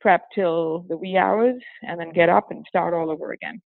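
Woman guest from Singapore, hybrid accent with a touch of British, lively and chatty, dry tinny phone-like sound. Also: lowish voice, normal speed, gravelly, no room sound. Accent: hybrid with a hint of British. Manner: animated, laughs often, breaks into acted quotes. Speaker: interview guest, former teacher. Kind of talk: casual interview conversation.

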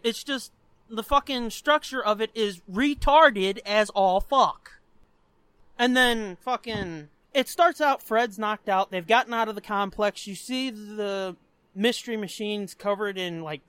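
A man's voice: sits high, fairly bright tone, clean tone, dry recording. A man co-hosting a podcast who rants about a comic book in emphatic, profane casual chat. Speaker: podcast co-host.

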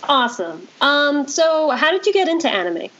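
A woman hosting a casual podcast, talking in an animated way with quick asides. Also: high-pitched. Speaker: podcast host. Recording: dull lo-fi sound.

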